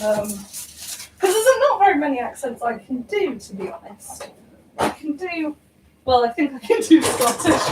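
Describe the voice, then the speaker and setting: Brit lady rambling while she bakes, lots of ums, a bit high, sounds far off with faint room noise. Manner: rambling, self-mocking, full of ums and laughs. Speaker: baking vlogger. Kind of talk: casual chat while baking. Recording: roomy kitchen, voice from far off.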